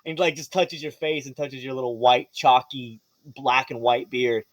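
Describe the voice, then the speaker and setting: A man as game master running a tabletop game, lively and profane. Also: mid-range voice, moderate pace, dry recording.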